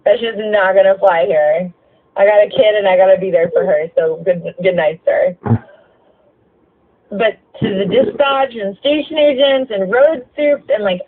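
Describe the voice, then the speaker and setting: A woman bus driver venting about a rough late shift, tired, swearing a lot, her voice cracking with emotion. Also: medium pitch. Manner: heavy swearing, exasperated, voice breaking with emotion. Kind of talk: late-night venting rant. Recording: tinny phone-line sound, faint hiss.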